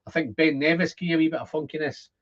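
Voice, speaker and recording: A Scottish man in his fifties hosting a casual whisky livestream, chatting to viewers and rambling as he thinks out loud. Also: on the high side, fairly even intonation, fast talker. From Scotland. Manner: chatty, rambling, repeats words when thinking. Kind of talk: casual livestream chat reading comments. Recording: dull lo-fi stream audio.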